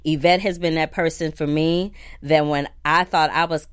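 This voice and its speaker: A woman's voice: deep voice, lively intonation, normal speed, no room sound. A woman hosting a film review show, talking chatty and casual with slang like "y'all" and "girl". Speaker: film critic host.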